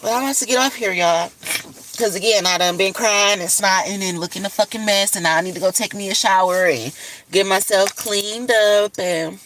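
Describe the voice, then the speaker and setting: A woman's voice: medium pitch, normal speed, a bit bright, slight background noise, poor audio. A woman on a casual livestream, talking bluntly and profanely about love and self-care, worn out after a long cry. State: puffy-eyed after crying. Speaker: livestream host. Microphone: phone camera.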